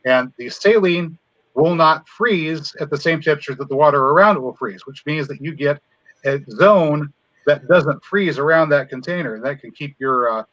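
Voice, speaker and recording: A man's voice: a little high, a bit bright, no echo, lo-fi sound. A man in casual live chat, explaining things step by step with a dry sense of humor.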